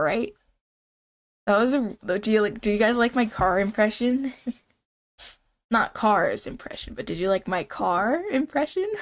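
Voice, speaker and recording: A woman live streamer chatting with her viewers in a loose, playful way. She rambles from one thought to the next and fills her talk with "like" and "dude". Her voice sits at an average pitch. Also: a little hiss or hum. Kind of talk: casual live-stream chat.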